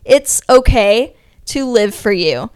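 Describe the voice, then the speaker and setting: A woman's voice: on the high side, animated, slow pace, a little mellow, smooth, no room sound, clean studio sound. Chatty young woman podcast host. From Ohio. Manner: chatty, upbeat, many "like" fillers. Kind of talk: casual solo podcast monologue.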